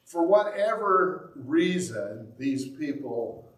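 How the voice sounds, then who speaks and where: Preaching from a distance in a room full of echo, this pastor has a higher-leaning voice with lively intonation and an unhurried pace. He narrates the sermon's story like a conversation and performs each quote.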